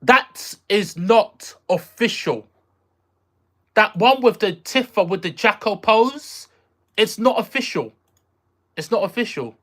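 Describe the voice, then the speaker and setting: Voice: mid-range voice, lively intonation, takes it slowly, long pauses, fairly bright tone. A streamer chatting casually with viewers on a live stream, rambling, repeating phrases and trailing off while searching for words. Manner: reacts aloud to viewer messages. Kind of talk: casual livestream chat with viewers.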